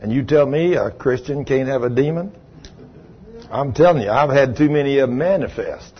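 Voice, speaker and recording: A man, a pastor preaching a sermon, telling a story in a low voice and then rising loud and emphatic. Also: animated, normal speed, muffled recording. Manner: swings from low quiet telling to loud raised retelling. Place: church sanctuary.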